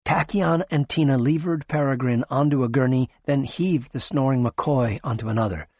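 A man narrating a novel in a steady, measured scripted reading. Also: mid-range voice, dry recording. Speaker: audiobook narrator.

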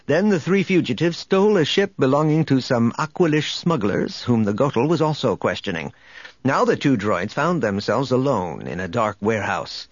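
A man narrating an audiobook in an expressive storytelling manner. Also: mid-range voice, normal speed, dry recording, dull audio. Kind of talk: scripted narration.

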